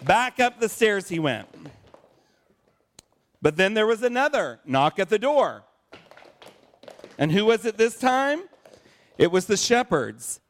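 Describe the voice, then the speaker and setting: A man's voice: high voice, slow pace, pauses often. A man leading a church service, telling a picture-book story and asking the audience questions. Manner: animated, asks the audience questions. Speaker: pastor.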